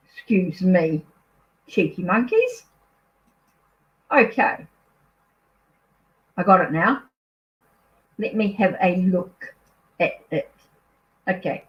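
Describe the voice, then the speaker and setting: A woman's voice: medium pitch, dull audio. A woman with a New Zealand accent, a tarot reader chatting casually at home on a live stream, easily distracted, apologetic and thinking aloud.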